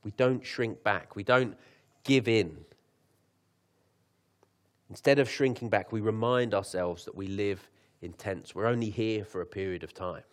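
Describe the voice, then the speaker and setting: A young man preaching in a loose, conversational way, with a fairly low voice. He breaks into jokes, then slows right down and lifts his voice to read scripture. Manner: conversational, laughs at his own asides; reads scripture slowly with lifted emphasis. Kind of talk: sermon.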